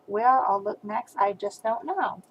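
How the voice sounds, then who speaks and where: A woman's voice: mid-range voice, unhurried, a little hiss or hum, natural voice, low-quality recording. A woman reading aloud as a sad young male horse looking for his shoes, in an earnest, pleading storybook voice.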